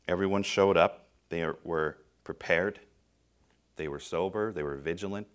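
A middle-aged man preaching a sermon, swinging between loud emphatic bursts and quiet, low phrases. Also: normal speed.

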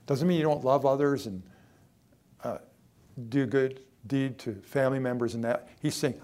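A man's voice: mid-range voice, moderate pace, a little mellow. Older male pastor, plain spoken and emphatic, questions his flock directly. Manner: emphatic, rising in volume to stress points; plain conversational preaching with direct questions to listeners. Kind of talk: sermon.

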